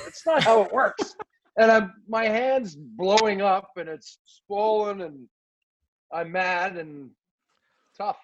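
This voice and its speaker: A man telling a lively story as a podcast guest, acting out quoted dialogue and laughing now and then. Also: sits high, takes it slowly, muffled recording. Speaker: podcast guest, former hockey player. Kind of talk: casual storytelling.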